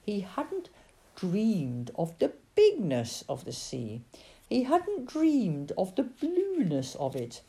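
A woman reading a children's storybook aloud in a dramatic, expressive way. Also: mid-range voice, takes it slowly, creaky. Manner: dramatic, sing-song.

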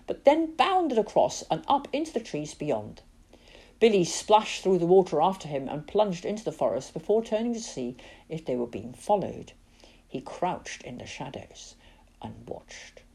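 A woman reading a storybook aloud with a low, husky voice. Her delivery is expressive and dramatic, swinging widely in pitch, and her tone stays mellow and soft-edged. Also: moderate pace. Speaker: narrator. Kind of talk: storybook narration.

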